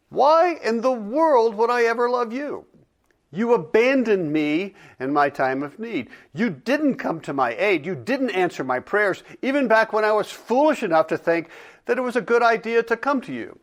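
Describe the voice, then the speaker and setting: A man's voice: sits high, expressive, unhurried. A man voicing a bitter, grieving man who mockingly accuses God in a dramatic reading. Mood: accusing.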